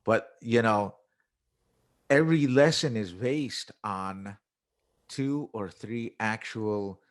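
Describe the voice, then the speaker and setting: A man's voice: lowish voice, slow pace. A man who is an English teacher and musician, explaining his method in a conversational interview and acting out classroom phrases as he goes.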